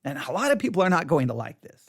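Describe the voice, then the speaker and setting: A pastor teaching to camera in an animated, emphatic way, leaning hard on key words. The voice sits at a middle pitch and moves up and down widely. Phrases get repeated and broken up by quick acted-out asides. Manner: repeats words and acts out quick mock quotes.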